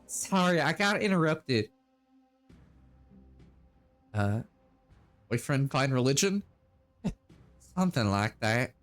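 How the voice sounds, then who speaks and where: A man's voice: medium pitch, sing-song, slow pace, pauses often, a bit bright, faint music behind. A man streaming a video game, reading its text aloud and chatting casually between choices. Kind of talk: let's-play narration and chat.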